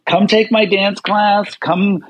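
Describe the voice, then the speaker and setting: A man who performs in drag, a guest chatting in an animated, theatrical way. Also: sits high, slow pace, a crowd in the background, rough recording. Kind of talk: casual interview chat.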